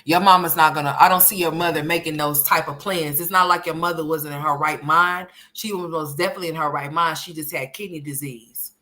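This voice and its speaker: A woman hosting a casual livestream, talking to her chat and calling viewers honey and sweetheart, by turns loud and animated, then soft. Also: low-pitched, a little fast, hardly any pauses. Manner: chatty and emphatic, calls viewers honey and sweetheart; swings between loud animated bursts and soft murmurs. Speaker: livestream commentary host.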